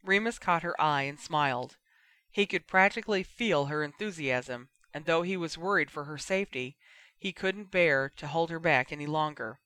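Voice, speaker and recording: A man narrating a fan fiction audiobook in a steady, expressive storytelling manner. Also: on the high side, normal speed, clean tone, no room sound. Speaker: reader.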